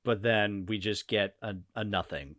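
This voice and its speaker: A man hosting a podcast in casual chat. He talks in an animated way, laughs easily and swears casually. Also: fairly low pitch, unhurried, no echo, studio quality. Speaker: podcast host.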